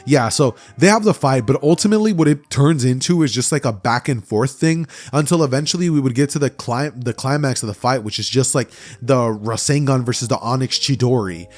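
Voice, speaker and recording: A young adult man hosting a casual chat, talking in an excited, slangy way with quick restarts. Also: medium pitch. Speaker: channel host.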